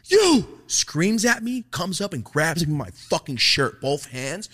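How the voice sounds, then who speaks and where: A man's voice: on the high side, animated, moderate pace, pushed and bright, breathy edge, no echo, clean studio sound. A young man hosting a casual podcast, telling a profane story and acting out the voices of the people in it.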